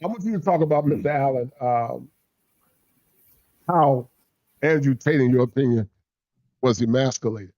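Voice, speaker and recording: A man's voice: mid-range voice, dark tone, dry recording, lo-fi sound. A man hosting an interview, asking long questions and affirming his guest often. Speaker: host, interviewer. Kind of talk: casual conversational interview.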